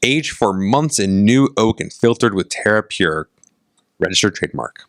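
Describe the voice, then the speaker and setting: A man co-hosting a casual podcast chat over whiskey, an animated storyteller who acts out the exchanges he recounts. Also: lowish voice, normal speed, dry recording, clean studio sound. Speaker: podcast co-host. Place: indoor studio set, on camera.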